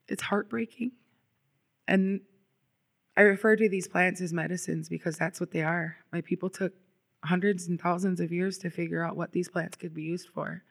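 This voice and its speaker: A woman speaks at a public event as a climate justice organizer. Her delivery is earnest and impassioned, though her pitch stays fairly level. She sounds steady and sure, with the odd filler. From Minnesota. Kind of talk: public speech.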